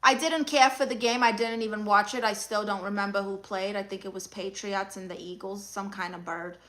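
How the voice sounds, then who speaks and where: A woman with a New York accent hosts a comedic livestream as an aunt character, reading viewer comments and answering with dry, deadpan quips. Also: medium pitch, a little fast, rough recording. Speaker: livestream host playing an aunt.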